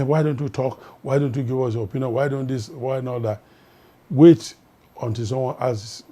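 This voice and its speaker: Older male life coach and pastor, mellow husky voice, emphatic teaching delivery that repeats its key phrases. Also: medium pitch. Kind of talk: recorded motivational teaching talk.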